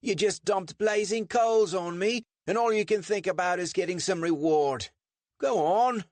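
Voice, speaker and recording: A man's voice: high-pitched, a little slow, dry recording, pitched above the performer's own voice. Man doing an American faking a brusque English accent. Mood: indignant. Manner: brusque, indignant.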